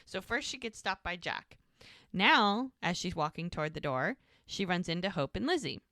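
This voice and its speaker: Animated woman recapping a show, bright voice. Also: on the low side, moderate pace, dry recording, clean studio sound. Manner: animated retelling, jumps between quoted voices. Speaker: podcast co-host. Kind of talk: casual recap chat, acting out quoted lines.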